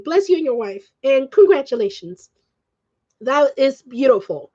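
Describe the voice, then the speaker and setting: A woman vlogger ranting in casual chat, rambling and swearing, swinging quickly between feelings. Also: high-pitched, very animated, warm tone, highs cut off. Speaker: live-streaming vlogger.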